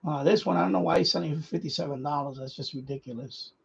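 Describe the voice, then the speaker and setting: A man's voice: on the high side, racing, creaky, dull audio, a little hiss or hum. A man hosting a radio hobby live stream, chatting casually in a rambling way, repeating himself and chuckling often.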